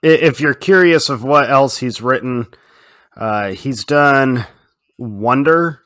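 Male podcast co-host, mid-pitched, slow easygoing delivery, dry close recording. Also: dry recording. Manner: relaxed, drawn-out, laughs easily. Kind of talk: casual chat.

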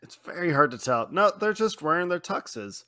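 A man's voice: on the high side, very animated, normal speed, bright, forceful tone. A man co-hosting a casual movie podcast, recapping scenes with frequent laughter. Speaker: podcast co-host.

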